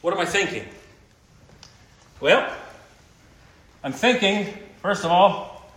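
A man preaching a sermon, moving between quiet reflection and emphatic, rising points. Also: high voice, animated, takes it slowly. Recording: echoey room with faint noise.

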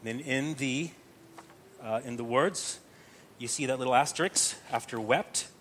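A man's voice: mid-range voice, a little slow, fairly bright tone, a little hiss or hum. A man teaching Gregorian chant to a group, explaining patiently step by step and often checking in with "right?".

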